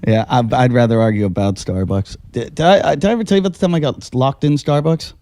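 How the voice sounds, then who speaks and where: A man hosting a casual podcast, telling a long comic story and acting out his own yelling. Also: medium pitch, quick pace, no echo. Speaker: podcast host. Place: house.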